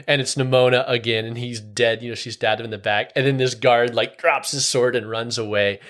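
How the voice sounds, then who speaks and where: A man's voice: mid-range voice, a bit bright. Laid-back slangy male podcast co-host. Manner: laid-back, slangy, chuckles while describing scenes. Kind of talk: casual chat about a comic.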